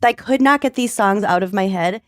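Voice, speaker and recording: A woman's voice: medium pitch, moderate pace, a bit bright, no room sound, studio quality. A woman co-hosting a podcast, chatting casually in a giggly, playful way. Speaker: podcast co-host. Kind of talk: casual chat.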